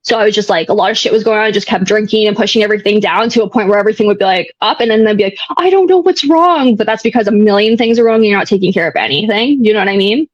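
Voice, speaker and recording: A woman's voice: medium pitch, steady tone, rapid-fire, hardly any pauses, no echo. A young woman telling her own story in a casual, candid way, rambling with many fillers and some blunt swearing. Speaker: guest sharing recovery story. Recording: dull, dry lo-fi sound.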